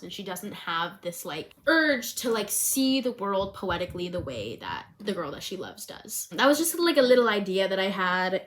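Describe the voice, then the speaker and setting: A woman's voice: medium pitch, a bit bright, slight background noise. Bubbly woman vlogger rambling casually. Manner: bubbly, rambling, full of "like" fillers. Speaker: vlogger and hobby screenwriter. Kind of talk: casual chatty vlog.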